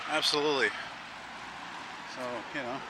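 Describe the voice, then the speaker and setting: Strolling outdoors on a busy city street, a man hosting a casual walking vlog speaks at normal speed in a slightly high voice with fairly even intonation. He rambles in a chatty, enthusiastic way while traffic noise fills the background.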